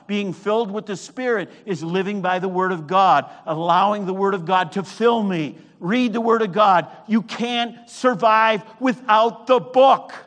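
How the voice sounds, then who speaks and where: A man's voice: high-pitched, a bit bright. A man preaching a sermon while teaching from a chart, with emphatic repetition and self-mocking humor.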